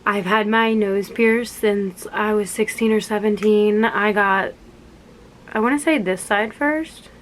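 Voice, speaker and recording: A woman's voice: mid-range voice, measured pace, slight background noise. Chatty young woman rambling to camera. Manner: chatty, rambling, self-correcting. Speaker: vlogger. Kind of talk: casual chat to camera.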